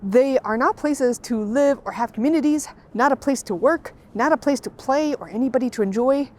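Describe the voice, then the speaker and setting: Sarcastic, high-voiced woman ranting. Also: moderate pace, darkish tone. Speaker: video essay host. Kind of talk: scripted voice-over commentary.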